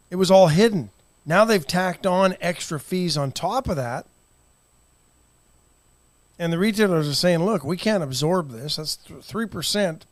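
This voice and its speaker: A man's voice: fairly high pitch, no room sound. A Texan man co-hosting a morning talk show in a studio, chatting in an opinionated, conversational way. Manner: opinionated, conversational, quick to laugh. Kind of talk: casual morning talk radio chat.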